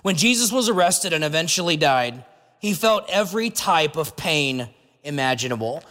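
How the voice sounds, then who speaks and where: A man's voice: on the high side, sing-song, moderate pace, bright, forceful tone, in a large hall. A pastor preaching a sermon in an earnest, conversational way, asking his listeners rhetorical questions.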